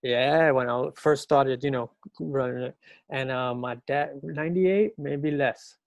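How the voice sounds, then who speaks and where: A middle-aged man from New York, a podcast guest in casual chat, telling animated, slangy stories. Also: a little slow, gravelly, no room sound. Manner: animated storyteller, slangy, mimics people in high voices.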